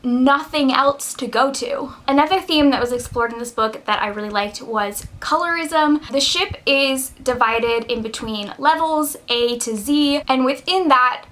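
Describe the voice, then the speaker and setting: A woman's voice: on the high side, bright, forceful tone. A woman in her twenties chatting casually in a book review vlog, talking freely with many "like" fillers. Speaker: book vlogger.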